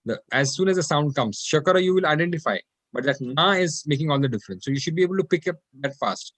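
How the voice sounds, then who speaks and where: A man's voice: a little high, expressive, fast, hardly any pauses, fairly bright tone, no room sound, low-quality recording. A man teaching an online class, explaining grammar patiently and repeating practice phrases aloud over a video call. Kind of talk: online Quranic Arabic class.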